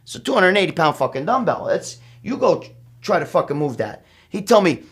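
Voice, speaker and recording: Husky, high-voiced New man swearing. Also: a little fast. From New York. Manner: swears constantly, rambling, animated. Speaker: storyteller. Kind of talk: profane casual storytelling.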